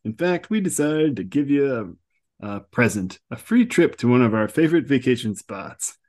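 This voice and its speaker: A man's voice: medium pitch, big pitch swings, normal speed, darkish tone. A man voicing a smug, cruel male henchman who taunts his captive in a sneering, mock-friendly way.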